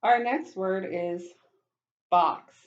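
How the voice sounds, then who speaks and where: A woman teaches young children phonics at an unhurried pace, stretching out sounds and praising them again and again. Her voice sits at a middle pitch. The webcam recording sounds a little dull and lo-fi. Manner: slow, encouraging, praising often.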